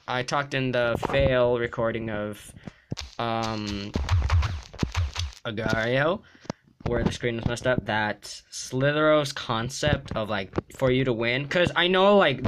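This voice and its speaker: A young man giving excited gameplay commentary, jumping between mumbling and sudden yelps and shrieks. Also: medium pitch, noisy background. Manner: jumpy, yelps and shrieks when threatened. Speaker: gaming YouTuber.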